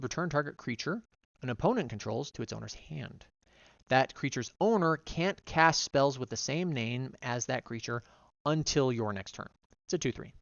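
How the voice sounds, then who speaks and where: Casting note: gravelly male streamer, dry close mic, slightly dull sound, rattling through card text. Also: mid-range voice, no echo. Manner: reads card text aloud, quick and run-on. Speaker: vtuber streamer. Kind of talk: casual card-by-card deck reading.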